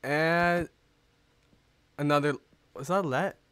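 A man giving casual, rambling commentary over his own gameplay, excitable and quick to mock his own mistakes. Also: fairly high pitch, smooth, dry recording. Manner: excitable, self-mocking, rambling. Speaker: gaming YouTuber.

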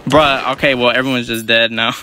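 A young man giving live gameplay commentary in quick, slangy, profane banter as a gaming YouTuber. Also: mid-range voice, flat delivery, bright, forceful tone, a little hiss or hum.

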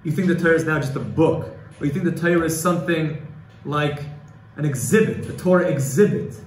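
A man's voice: fairly high pitch, brisk. A man giving a Torah class, emotional and pleading at times, quoting Hebrew and Aramaic texts. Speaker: Torah teacher. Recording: echoey room with faint ambient noise.

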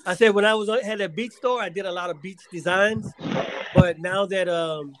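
A man hosting a podcast, talking casually and haltingly with many fillers. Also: high-pitched, noisy background. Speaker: podcast host. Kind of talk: casual chat.

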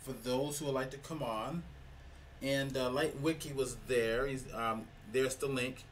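A man with a mid-range, steady voice hosts a casual online meetup on a video call, unhurried and easygoing as he talks through what he's doing on screen. It's recorded on a distant mic with faint noise.

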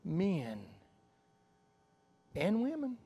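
A male pastor preaching a sermon in a church sanctuary, emphatic and repetitive, dropping to quiet asides. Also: high voice, huge pitch swings, extremely slow, slightly rough. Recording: long church reverb.

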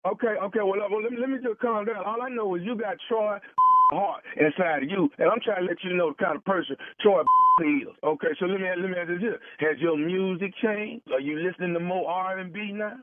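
A man's voice: high-pitched, a little fast, no room sound. A man making a radio prank phone call, talking in a pushy, overwrought pleading way. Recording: tinny phone line.

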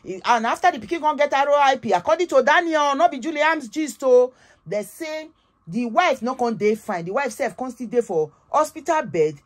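Woman, Nigerian Pidgin accent, gossip vlogger, animated, emphatic, fairly high voice. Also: moderate pace. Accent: Nigerian Pidgin English. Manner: animated, emphatic, tags sentences with "oh". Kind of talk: casual gossip storytelling.

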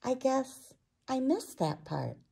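A woman's voice: high-pitched, sing-song, slow pace, vocal fry, mellow, husky, voice pushed up, exaggerated voice. A woman doing a sweet, earnest young boy. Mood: wistful.

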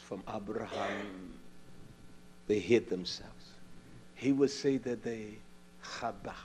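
An older man preaching a sermon, telling stories in an animated way and acting out the voices of the people in them. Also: medium pitch, husky.

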